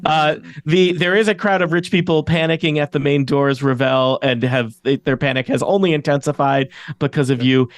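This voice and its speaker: A man narrating as game master in a relaxed, chuckling, loosely improvised way. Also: fairly high pitch, moderate pace, few pauses.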